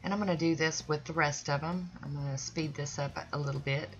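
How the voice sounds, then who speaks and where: Hosting her own nail art channel, this woman talks in a low-pitched, steady, brisk way. Her tutorial narration is chatty and folksy, wandering off and occasionally losing the thread. Faint music sits under a dull lo-fi recording.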